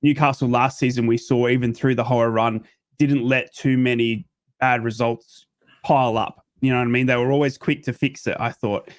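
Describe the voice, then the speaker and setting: A man's voice: mid-range voice, steady tone, moderate pace, dry recording, studio quality. A man on a football podcast panel, talking in a hesitant way with many fillers and restarts over a video call. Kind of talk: casual football chat.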